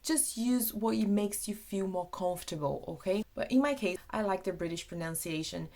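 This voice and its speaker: Woman, Brazilian, native Portuguese speaker, young adult, casual and animated, explains English words. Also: mid-range voice, moderate pace, few pauses. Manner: chatty, animated, switches into Portuguese asides. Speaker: English teacher. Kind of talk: casual video lesson.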